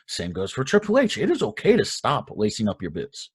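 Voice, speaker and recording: A man's voice: fairly low pitch, huge pitch swings, brisk, breathy edge. A young man co-hosting a casual talk show, ranting with heat and plenty of swearing. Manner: heated, profane ranting. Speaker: podcast co-host.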